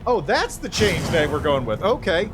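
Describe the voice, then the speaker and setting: A man's voice: high-pitched, big pitch swings, normal speed. A male streamer reading a video game's narration aloud, with wry asides. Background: game music.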